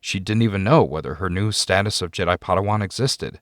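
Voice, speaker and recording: A man giving a measured, scripted narration of a sci-fi story. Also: sits low, no echo, clean studio sound. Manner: measured storytelling with expressive ups and downs.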